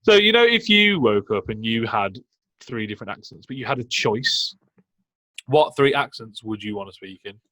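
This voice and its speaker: A man's voice: mid-range voice, lively intonation, normal speed, bright, forceful tone. A British man co-hosting a podcast, chatting in an easygoing, conversational way. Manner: easygoing, conversational, reads out news stories. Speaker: podcast co-host. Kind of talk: casual chat.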